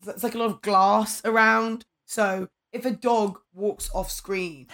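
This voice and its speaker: A woman's voice: medium pitch, fairly even intonation, takes it slowly, fairly bright tone. A woman with an English accent co-hosting a podcast in casual chat, talking loosely with lots of "like" and "you know what I mean". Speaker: podcast co-host.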